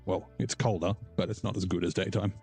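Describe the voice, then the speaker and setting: Deep-voiced man chatting while gaming. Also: fairly even intonation, fairly quick, a little mellow, soft background music. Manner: rambling, easygoing, thinking aloud. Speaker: game streamer. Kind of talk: casual live-stream chat while playing. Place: room at home.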